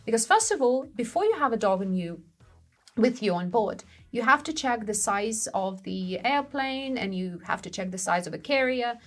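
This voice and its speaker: Animated storytelling young woman. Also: on the high side, moderate pace, soft background music. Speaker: co-host of a language-learning show. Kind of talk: casual conversational storytelling.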